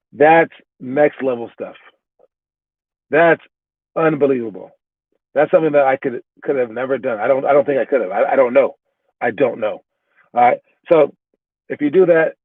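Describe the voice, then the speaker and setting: A man's voice: on the high side, no echo. A man giving a casual motivational talk as a youth basketball trainer, rambling and restarting his words as he goes. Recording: tinny phone-like sound, dry.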